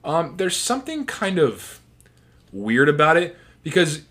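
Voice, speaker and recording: A man's voice: a little high, sing-song, unhurried, fairly bright tone. A man in a casual commentary, talking about his favorite film scenes in a rambling, chatty way with restarts. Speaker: movie reviewer.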